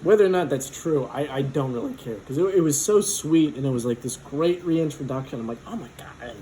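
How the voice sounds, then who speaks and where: A man's voice: fairly high pitch, a little fast, mellow, a little hiss or hum, poor audio. A man in his twenties telling a personal story casually, rambling with lots of fillers and swearing.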